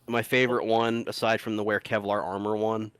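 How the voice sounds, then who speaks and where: A man's voice: on the low side, little pitch movement, fairly quick, a bit bright, clear, resonant tone, no echo. A man casually commenting while playing a video game, rambling, swearing freely and laughing often.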